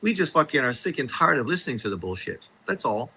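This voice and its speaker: A man hosting a boxing live stream, going off in a profane, exasperated rant. His voice is bright and forceful, and he talks at a middling pitch. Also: big pitch swings, quick pace, creaky, slight background noise, rough recording. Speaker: boxing show host.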